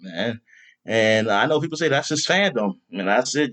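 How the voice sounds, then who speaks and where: A man hosting a podcast in casual chat, rambling with lots of fillers and bursting into loud exasperation. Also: mid-range voice, moderate pace. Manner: rambling, animated, with many fillers. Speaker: podcast host.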